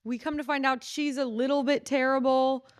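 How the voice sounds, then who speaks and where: A woman's voice: sits high, steady tone, moderate pace, no room sound, clean studio sound. Playful woman co-hosting a chatty podcast. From US South. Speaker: podcast co-host. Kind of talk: casual chat.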